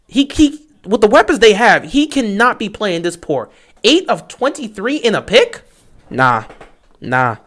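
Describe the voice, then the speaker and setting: Excitable high-voiced male sports fan. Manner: excitable, talks straight to his team. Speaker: fan livestream host. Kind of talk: fan play-by-play commentary.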